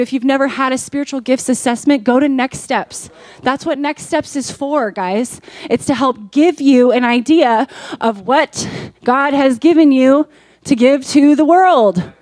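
A woman's voice: high-pitched, a little mellow, no room sound. Woman preaching a conversational sermon. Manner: conversational preaching, rising to emphatic peaks. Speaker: pastor.

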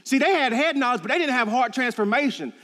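A man's voice: extremely high pitch, animated, fast talker, pushed and bright, in a large hall. A man preaching a sermon in a church, earnest and storytelling, repeating key phrases for emphasis. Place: church sanctuary.

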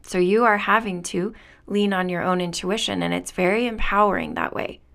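Spiritual podcast lady, super creaky voice, earnest and excited, laughs a lot. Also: mid-range voice, moderate pace. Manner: earnest, enthusiastic, laughs often. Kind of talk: reflective spiritual monologue.

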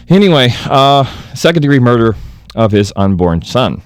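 A man's voice: medium pitch, big pitch swings, normal speed, few pauses, soft background music. A man hosting a call-in talk radio show, rambling with many restarts and fillers.

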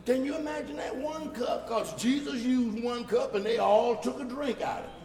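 High-voiced preacher shouting in an echoey church. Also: male voice, normal speed, soft background music. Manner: preaching with rising shouts and mocking quoted voices. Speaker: pastor. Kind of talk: sermon. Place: church sanctuary. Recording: echoey hall from far off.

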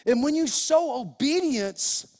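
A man's voice: very high voice, expressive, slow, a little mellow. A middle-aged man preaching a sermon as pastor, emphatic and repetitive with folksy asides. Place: church sanctuary. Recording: long church hall reverb.

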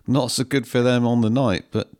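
Male co-host, mid pitch, measured and plain-spoken. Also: steady tone, a little mellow. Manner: measured, plain match report. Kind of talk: casual football chat.

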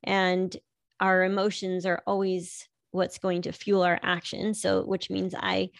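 A woman's voice: medium pitch, no echo, studio quality. A middle-aged woman chatting casually about her marriage, laughing often and filling her talk with "like". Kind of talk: casual personal chat.

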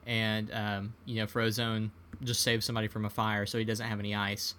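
A man's voice: on the low side, completely flat delivery, a little fast, a bit bright, a little hiss or hum. A man in casual conversation, retelling movie scenes in a laid-back way. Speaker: podcast co-host. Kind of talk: casual film discussion.

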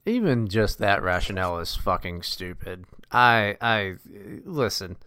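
A man's voice: on the low side, animated, unhurried, pushed and bright, clean tone, dry recording, studio quality. A man co-hosting a podcast in casual chat, crude and blunt, swearing freely. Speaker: podcast co-host.

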